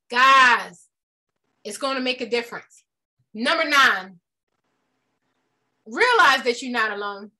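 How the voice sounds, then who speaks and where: A woman giving a motivational talk, telling stories with lively, preacher-like delivery and acted-out quotes. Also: high-pitched. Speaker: speaker.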